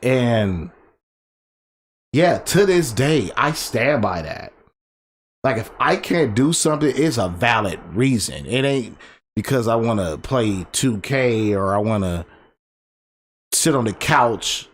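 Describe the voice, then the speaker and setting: A man in his thirties co-hosting a podcast, telling stories in a rambling, animated way and laughing often. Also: mid-range voice, takes it slowly, slight background noise. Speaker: podcast co-host. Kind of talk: casual storytelling chat. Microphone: desk microphone.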